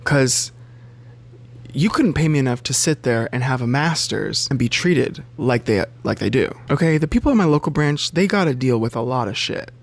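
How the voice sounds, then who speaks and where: A man chatting casually to camera about books, animated and loose, swearing freely and jumping up in pitch for emphasis. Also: normal speed, creaky. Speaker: bookseller and book vlogger.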